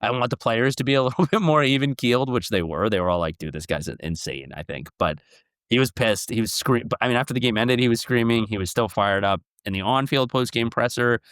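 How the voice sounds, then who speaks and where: A young man co-hosting a casual sports podcast, talking in an excitable way that jumps into loud animated bursts. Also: mid-range voice, fast, smooth, no room sound, studio quality. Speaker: podcast co-host.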